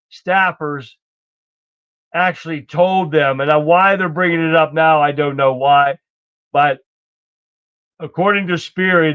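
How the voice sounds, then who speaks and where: A man's voice: on the high side, clean tone, no echo. A male political livestream host talking in a blunt, indignant, rambling way and swearing freely. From United States. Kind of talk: casual political commentary. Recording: dull lo-fi stream audio.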